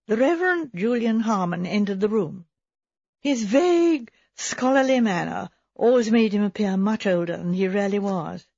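A woman reading a story aloud in measured, even narration. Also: mid-range voice, gravelly, dry recording. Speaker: audiobook reader. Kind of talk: scripted narration. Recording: slightly dull recording.

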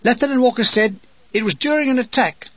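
A man's voice: extremely high pitch, a little fast, no echo. An older British man with a wry, dry comic manner, reading his war memoir aloud. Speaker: memoir narrator. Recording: dull, dry lo-fi recording.

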